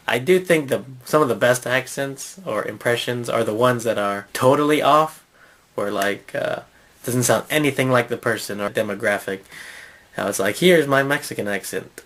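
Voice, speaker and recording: A man's voice: medium pitch, brisk, a bit bright. A man hosting a comedy vlog, talking in a loose, meandering way, full of fillers and little chuckles. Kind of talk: rambling casual monologue.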